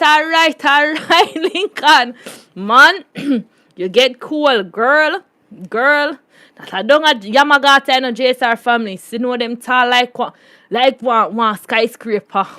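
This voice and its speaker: A woman's voice: on the high side, fairly bright tone, clean tone. A woman with a Jamaican accent hosting a casual storytime vlog, laughing often and repeating catchphrases in patois. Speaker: YouTube host.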